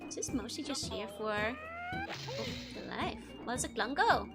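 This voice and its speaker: A woman's voice: sits high, wildly swooping pitch, unhurried. A woman streaming a video game, chatting casually with her chat and giggling a lot. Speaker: VTuber streamer. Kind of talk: casual let's-play commentary. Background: game music.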